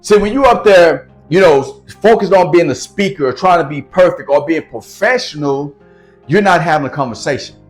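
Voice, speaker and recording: A man's voice: a little high, animated, moderate pace, faint music behind. A man coaching storytelling in casual talk to camera, speaking plainly in an urban American street dialect.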